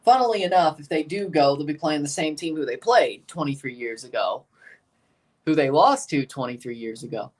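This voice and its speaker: Slightly hoarse young man calling a match. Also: on the high side, animated, moderate pace, darkish tone. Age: 20s. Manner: chatty, running play-by-play asides. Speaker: streamer reacting to a match. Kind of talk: livestream watchalong commentary.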